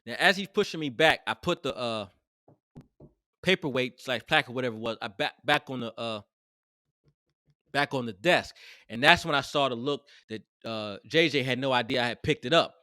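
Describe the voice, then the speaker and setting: A man telling a heated workplace story in a casual, animated and profane way, emphatic and expressive. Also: mid-range voice, normal speed, dry recording, clean studio sound.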